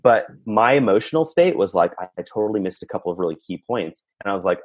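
Earnest low husky man telling stories. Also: animated, fast talker, few pauses, no room sound. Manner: earnest, reflective, talks in long run-on stretches. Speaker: podcast guest. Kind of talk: candid storytelling conversation.

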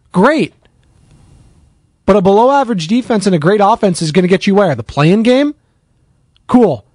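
A man hosts a sports radio show, delivering an opinionated, sarcastic monologue that rambles off into tangents. His voice is high with a darkish tone, recorded at a studio mic with no room sound.

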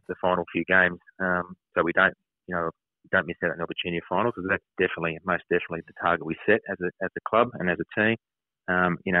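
A man with an Australian accent talks quickly in a deep voice, stumbling through fillers and restarts as he answers. He comes through a tinny phone line with a dry sound. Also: no room sound. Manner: hesitant, many fillers and restarts. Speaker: football club CEO guest. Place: phone call.

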